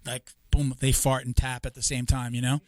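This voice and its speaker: A man's voice: medium pitch, normal speed, no echo. A man in his fifties hosting a podcast, chatting casually and rambling with many restarts while acting out what others said. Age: 50s. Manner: animated storyteller, acts out quotes of others. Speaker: podcast host. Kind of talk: casual chat.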